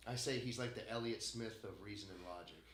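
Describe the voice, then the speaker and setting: A man hosting a casual podcast, talking in a rambling, animated way with plenty of swearing and laughter. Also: on the low side, fairly quick, roomy sound, a little hiss or hum. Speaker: podcast host. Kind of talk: casual chat. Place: room in a home.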